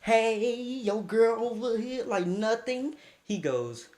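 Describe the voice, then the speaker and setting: A young man tells a story in a loose, slangy way. He talks slowly and lets his words drag. He is animated and keeps slipping in laughing asides. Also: high-pitched, slight background noise. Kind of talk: casual storytime.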